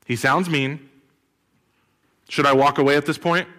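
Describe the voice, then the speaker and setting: A man preaching a sermon as pastor, animated and full of rhetorical questions, with sudden loud bursts. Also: a little high, a little slow. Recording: long hall reverb.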